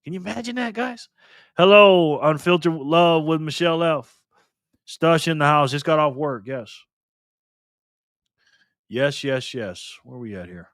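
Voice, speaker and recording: Host, male, playful and teasing, slightly high voice, dry close mic, live-stream chat. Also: animated, measured pace, long pauses, a bit bright, no room sound. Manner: playful, teasing, greets chatters by name.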